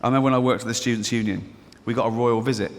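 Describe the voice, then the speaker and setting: A middle-aged man doing stand-up comedy, telling stories with mock voices and animated outbursts. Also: mid-range voice, rapid-fire. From England. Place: large theatre stage. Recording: reverberant hall with audience noise. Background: audience laughter.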